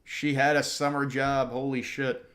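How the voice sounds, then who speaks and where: A man's voice: medium pitch, little pitch movement, unhurried, a bit bright. Casual young man chatting on a livestream. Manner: casual, slangy, reacting to chat and trailing off. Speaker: livestream host. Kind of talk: casual political livestream chat.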